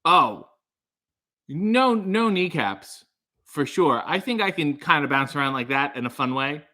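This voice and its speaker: Male livestream host: bright, slightly high voice, rambling and self-deprecating comedic chat. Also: expressive, measured pace. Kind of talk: casual chat reading viewer comments.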